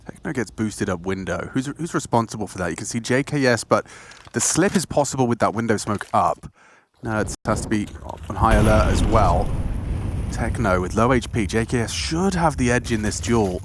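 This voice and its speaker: Lively excitable esports commentator man. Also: normal speed. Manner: excitable, jokey, voice jumps high in big moments. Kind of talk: play-by-play commentary. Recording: game noise behind. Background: gunfire and game sounds.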